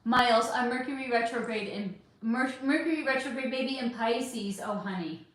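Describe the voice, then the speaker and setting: A fairly high-pitched woman speaks at a moderate pace in a very echoey room. As host of a psychic livestream, she openly chats with her audience and swears freely while addressing their comments.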